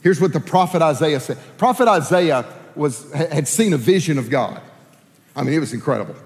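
A man preaching a sermon as pastor, lively and animated, acting out prayers in playful character voices. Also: on the high side, brisk, big-room sound.

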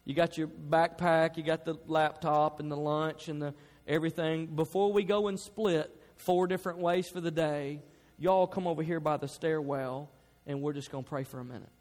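A man preaching a sermon as pastor, building to loud emphatic peaks and dropping to soft, quiet passages. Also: fairly high pitch, fairly even intonation, normal speed. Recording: long hall reverb.

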